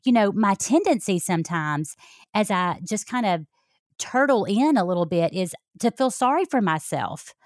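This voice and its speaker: Talking directly to her audience, this middle-aged health coach shares something heartfelt and personal in a warm, folksy manner. Her medium-pitched voice is expressive at a normal pace, in a dry, studio-quality recording.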